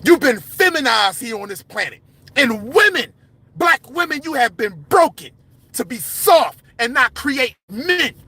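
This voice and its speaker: A man hosting a livestream, ranting with passion in a confrontational, preachy way and often yelling. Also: extremely high pitch, very animated, unhurried, husky. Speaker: livestream host. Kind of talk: heated livestream rant.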